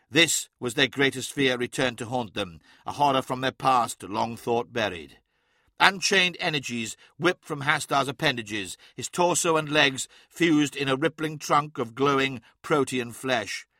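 Male audiobook narrator, bright tone, dry close read, measured and vivid. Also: mid-range voice, dry recording. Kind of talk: dramatic scripted narration.

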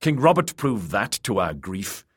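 A man's voice: fairly low pitch, sing-song, measured pace, husky, exaggerated voice. A man reading an audiobook, voicing a haughty young nobleman who speaks with scorn. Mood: scornful. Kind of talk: audiobook character voice.

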